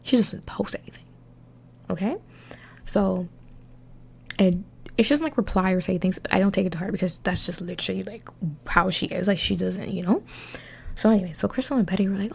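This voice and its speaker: A young woman telling a dramatic storytime in a casual, animated way, swearing freely. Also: mid-range voice, a little fast, gravelly, pauses often, breathy edge. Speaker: vlogger.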